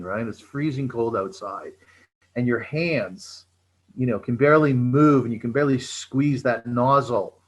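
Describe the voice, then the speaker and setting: A man from Canada, a charity founder, telling a story over a video call and acting out the dialogue in a measured way. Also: medium pitch, fairly bright tone, rough recording. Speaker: charity founder and guest speaker. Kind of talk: storytelling talk.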